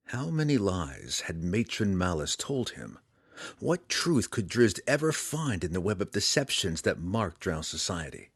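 A man reading a fantasy audiobook aloud, in a dramatic, lively way. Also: low voice, breathy edge, no room sound, clean studio sound. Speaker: audiobook reader.

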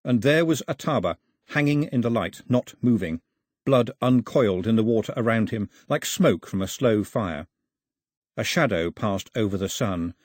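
A man narrating an audiobook in an expressive storytelling manner. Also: mid-range voice, slightly rough, no echo, clean studio sound.

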